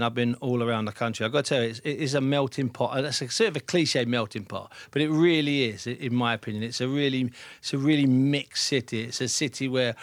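A middle-aged man hosting a boxing podcast, chatty and animated when telling stories. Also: mid-range voice, dry recording. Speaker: podcast host, boxing journalist. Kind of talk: casual podcast interview.

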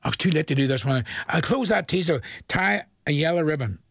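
A man's voice: a little high, expressive, fairly quick, vocal fry, a bit bright, no room sound, studio quality. Chuckling older Northern Irish radio man. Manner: folksy, rambling, chuckles at his own jokes. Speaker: radio presenter. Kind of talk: chatty radio request and dedication show.

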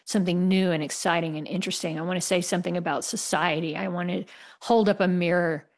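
A woman's voice: lowish voice, steady tone, quick pace. A woman from the United States, an author answering interview questions in a candid, passionate way and laughing wryly. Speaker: author guest.

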